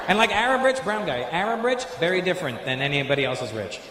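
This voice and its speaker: A man doing stand-up, working the crowd loudly with a punchy, teasing delivery. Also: on the high side, big pitch swings, fast. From Canada. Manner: loud, teasing, punchy delivery with comic voices. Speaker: stand-up comedian. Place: large theater stage. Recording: echoey live venue with loud crowd noise.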